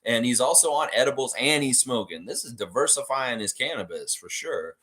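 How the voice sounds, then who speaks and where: A man's voice: mid-range voice, animated, fairly quick, fairly bright tone. A Canadian man hosting a casual live stream, reading out viewer comments and rambling with many fillers and self-corrections. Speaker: podcast host.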